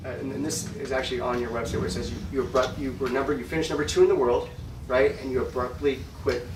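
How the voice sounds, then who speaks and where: A man interviewing a guest, asking halting questions with restarts. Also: mid-range voice, fairly even intonation. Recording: distant mic, echoey room, loud background noise.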